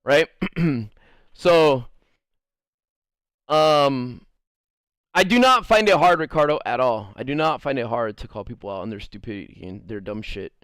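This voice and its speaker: A young man streaming a game while telling a rambling, profane story in a casual, animated way. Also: mid-range voice, measured pace, pauses often, smooth, no echo, clean studio sound.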